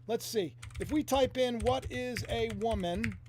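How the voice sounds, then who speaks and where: A man's voice: very high voice, measured pace, a little hiss or hum. A man hosting an online video, giving rambling, casual religious commentary with lots of fillers and asides to his viewers. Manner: rambling, animated, talks to viewers with frequent fillers.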